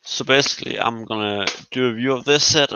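A man's voice: medium pitch, quick pace, bright, forceful tone, clear, resonant tone, highs cut off. A man hosting a casual live stream, talking in a laid-back way that leans on "literally" and long fillers.

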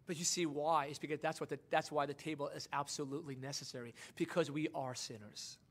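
A male pastor preaching a sermon, moving from quiet, intimate asides to rising, emphatic declarations. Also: a little high, fairly even intonation, fast.

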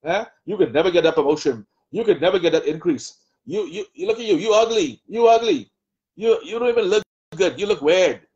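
A man with a Bahamian accent preaching a sermon, taunting in rapid repeated jabs as he voices the enemy's lies. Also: high-pitched, lively intonation, darkish tone, muffled recording. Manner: taunting, mocking the devil's voice in rapid repetitive jabs. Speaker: prophet preaching.

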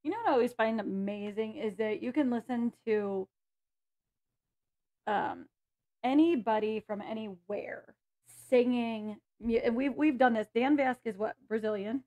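A woman with an American accent chats casually as a reaction co-host. Her voice sits a bit high, and she muses aloud, circling her point through fillers and half-started phrases. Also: unhurried, dull audio. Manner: chatty, musing, trails off into fillers and restarts. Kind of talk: casual chat.

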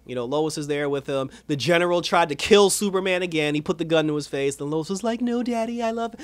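A man casually recapping and reviewing an animated episode. He is animated, laughs often and acts out the characters' lines. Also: a little high, fast talker, no echo. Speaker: show reviewer.

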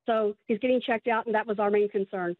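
Fast-talking woman over a phone line. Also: medium pitch, steady tone. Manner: quick, with fillers. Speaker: mother of a released prisoner. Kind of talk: phone interview on a news broadcast.

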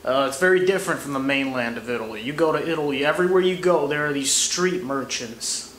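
A man's voice: mid-range voice, brisk, over music. A young American man giving a crude, sarcastic comedy monologue. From United States. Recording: echoey room, faint noise.

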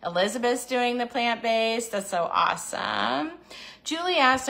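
A woman's voice: on the high side, a little slow, creaky, a bit bright. A woman hosting a casual livestream, talking encouragingly about food choices and reading viewer comments aloud. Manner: acts out little inner voices in quotes. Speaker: diet program host.

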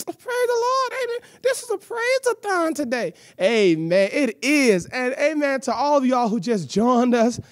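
A woman's voice: high-pitched, big pitch swings, a little slow, few pauses, no echo, clean studio sound. A woman hosting a church youth hour, out of breath, with exuberant call-and-response and playful teasing. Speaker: youth service host. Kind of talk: lively church show hosting.

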